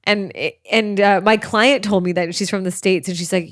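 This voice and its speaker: A woman's voice: medium pitch, fairly even intonation, moderate pace. A woman with a Canadian accent co-hosting a casual podcast chat, teasing her partner and laughing easily. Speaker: podcast co-host.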